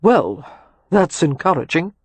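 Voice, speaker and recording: A man reading the part of a teasing, ardent young gentleman in an audiobook romance, speaking wryly and earnestly. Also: on the high side, animated, normal speed, husky, no echo.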